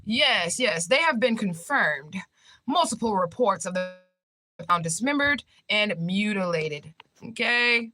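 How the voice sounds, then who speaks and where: A woman voicing a mock TV news anchor, counting down and reading a grave report slowly and deliberately. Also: medium pitch, expressive, pushed and bright, pitched above the performer's own voice. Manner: slow, deliberate broadcast delivery with countdowns.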